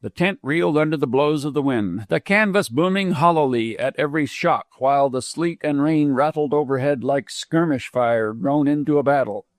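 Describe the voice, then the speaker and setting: A man narrating an audiobook with measured, expressive reading. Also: on the high side, no room sound, clean studio sound. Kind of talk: scripted narration.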